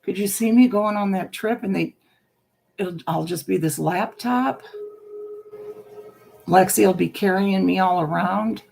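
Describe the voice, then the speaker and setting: A woman's voice: medium pitch, measured pace, gravelly, pauses often, darkish tone. An older woman chatting playfully on a livestream from home into a laptop microphone, greeting viewers by name. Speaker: livestream host. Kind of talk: casual livestream chat.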